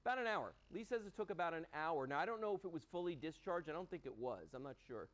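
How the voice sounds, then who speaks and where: A man hosts a live shopping broadcast from a TV studio, talking in a loose, chatty way full of "you know" and "uh." His voice is animated, rising and falling widely in pitch. He sounds enthusiastic as he demonstrates a product. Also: quick pace, low-quality recording. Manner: chatty, enthusiastic, lots of fillers. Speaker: home shopping host. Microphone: earpiece and studio mic.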